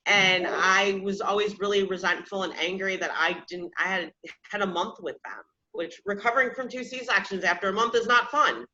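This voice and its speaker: Speaking at normal speed in a mid-range, pushed and bright voice, a podcast host in her thirties relates personal anecdotes in a relaxed way. She is frank, pokes fun at herself, and laughs at her own expense often; the sound is a bit dull and lo-fi.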